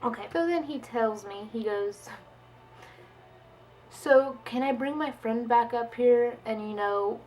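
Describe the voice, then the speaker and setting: A woman's voice: fairly high pitch, slow pace, slight background noise, rough recording. Chatty young woman telling a story. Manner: chatty, animated, full of "like" and quoted dialogue. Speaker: vlogger. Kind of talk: casual storytime.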